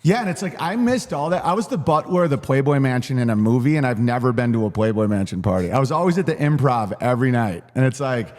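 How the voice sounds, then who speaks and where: A man chatting casually as a podcast guest, his talk loose and rambling, full of filler words. His voice sits mid-pitch with a long reverb trailing behind it. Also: lively intonation, fast, hardly any pauses, a little mellow. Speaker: comedian guest.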